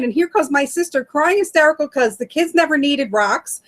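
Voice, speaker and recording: Middle-aged woman guest, high voice, lively storyteller who laughs a lot. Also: a little fast, hardly any pauses. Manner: animated, laughs often, acts out quoted voices. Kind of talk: casual storytelling interview.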